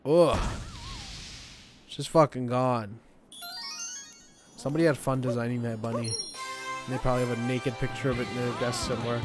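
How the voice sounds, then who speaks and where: A young man commenting on a game as he plays, swearing often and joking excitedly. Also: medium pitch, normal speed, long pauses, music in the background. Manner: profane, excitable, jokey. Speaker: gaming YouTuber. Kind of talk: let's play commentary.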